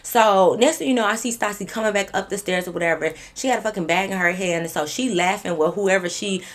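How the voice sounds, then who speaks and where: A woman vlogger telling a casual story to her viewers, animated and profane, addressing them directly. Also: mid-range voice, fast.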